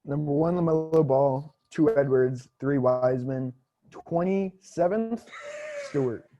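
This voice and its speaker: A man co-hosting a casual sports podcast, speaking in a measured, hesitant way with dry remarks. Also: a little high, muffled recording. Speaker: podcast co-host.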